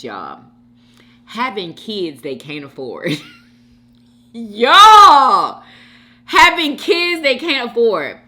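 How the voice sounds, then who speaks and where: Animated, unhurried woman mukbang host. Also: mid-range voice. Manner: animated, chatty, laughs often, talks straight to viewers. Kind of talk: casual reaction chat.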